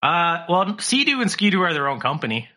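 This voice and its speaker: Husky guy on a podcast, bright voice, bounces all over in pitch telling stories. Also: a little fast. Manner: animated storyteller, slips into impressions. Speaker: podcast co-host. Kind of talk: casual chat.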